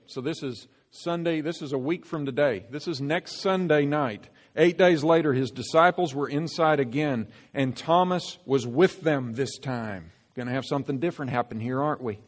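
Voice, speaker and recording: A man preaching a sermon as pastor, emphatic and animated, acting out quoted lines. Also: mid-range voice. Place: church sanctuary. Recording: long reverb of a church hall.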